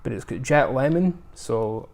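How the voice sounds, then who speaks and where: Rambling gravelly-voiced man. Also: mid-range voice, lively intonation, measured pace, a little mellow. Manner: rambling, with many ums and restarts. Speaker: film collector reviewing his purchases. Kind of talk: casual unscripted haul review.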